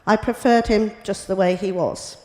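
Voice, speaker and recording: Brief: middle-aged woman reading a personal talk, mid-pitched, plain and steady, in a big echoing room. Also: normal speed. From United Kingdom. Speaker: carer giving a talk. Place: hospital lecture room. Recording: reverberant hall.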